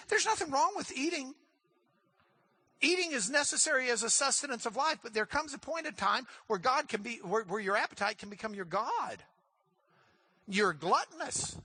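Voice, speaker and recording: Male Bible class teacher, animated and emphatic, repeats words when excited; lively delivery, dry close sound. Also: sits high, breathy edge, no echo.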